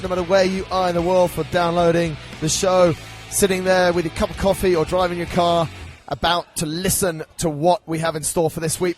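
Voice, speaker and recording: An upbeat man hosts a podcast with a chatty, friendly delivery. His voice sits a little high for a man. Faint music plays under the intro. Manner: upbeat, chatty, reads sponsor plug. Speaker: podcast host.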